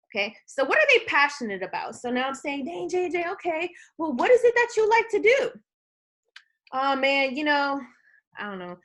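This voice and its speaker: A high-pitched woman leads a live online coaching session for her sales team. Her voice is bright and energetic. She keeps checking in with "okay?" and plays out both sides of a phone call.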